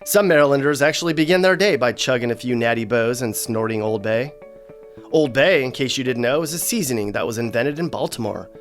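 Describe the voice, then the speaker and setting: A man hosting a comedic scripted narration, slipping in dry, sarcastic deadpan asides. His voice sits at an ordinary middle pitch with faint music underneath. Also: fast talker, few pauses. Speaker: host.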